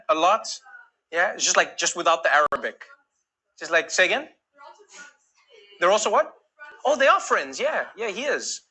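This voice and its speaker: A man in his thirties doing stand-up crowd work, telling stories in an animated way and acting out the people in them. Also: high-pitched. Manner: animated storytelling, acting out voices in quick back-and-forth. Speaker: comedian. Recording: noisy live stage recording.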